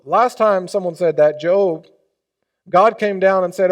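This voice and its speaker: Emphatic higher-voiced man preaching. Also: a little slow. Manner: emphatic, swings between loud and hushed; leads the congregation in call and response. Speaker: pastor. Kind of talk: sermon.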